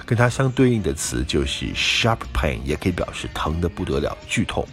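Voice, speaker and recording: A man's voice: sits low, big pitch swings, fairly quick, a bit bright, soft background music. A man hosting a language lesson, steadily explaining English expressions. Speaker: English teacher.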